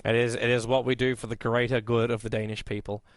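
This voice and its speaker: A man's voice: mid-range voice, level tone, fast, dry recording. A man with an Australian accent, commentating an esports match and joking with his co-caster. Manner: jokey, laughs readily. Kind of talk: game commentary and banter.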